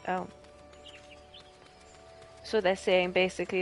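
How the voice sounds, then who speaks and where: Northern English woman gamer, chatty, self-amused commentary, mid pitch, faint noise behind. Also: steady tone, moderate pace, vocal fry. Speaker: gaming streamer. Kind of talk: casual game commentary.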